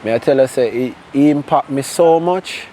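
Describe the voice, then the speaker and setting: A man with a Jamaican accent sharing his personal testimony in a conversation, telling it in a lively way with bits of patois. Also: medium pitch, moderate pace, a little hiss or hum. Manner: animated storyteller mixing in patois. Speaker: interview guest.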